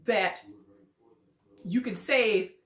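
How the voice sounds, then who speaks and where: A woman's voice: mid-range voice, very slow, a bit bright. A woman giving casual reality TV commentary, sassy and scolding as she talks straight at the people she judges. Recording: echoey room.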